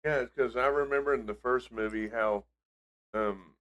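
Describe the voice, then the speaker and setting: A man's voice: medium pitch, moderate pace, a bit bright. A man co-hosting a podcast, chatty and teasing in casual chat. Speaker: podcast co-host.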